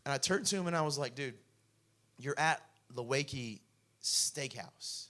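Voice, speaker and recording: Speaking at a measured pace, this young pastor has a medium-pitched voice that sounds pushed and bright. His sermon opens with a casual, "like"-filled story and then rises to impassioned preaching.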